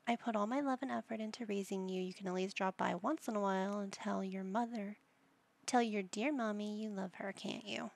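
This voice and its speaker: A woman's voice: medium pitch, steady tone, a little fast, gravelly. A woman voicing a doting mother in a life-sim game who nags her grown child to visit more often. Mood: guilt-tripping. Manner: pleading, nagging tone. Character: doting, guilt-tripping middle-aged mother.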